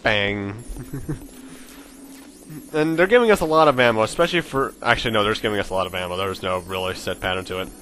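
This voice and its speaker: A man's voice: lowish voice, fast, pauses often, a bit bright, a little hiss or hum. A young man giving casual, rambling commentary over his video game playthrough, joking around and swearing now and then. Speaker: let's play gamer.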